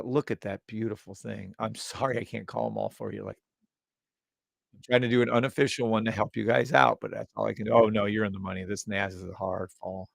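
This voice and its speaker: A man with a low-ish, gravelly voice speaks briskly and steadily on a live trading stream with no room sound. Chatty and talking straight to viewers, he hums la-da-da tunes while reading the charts.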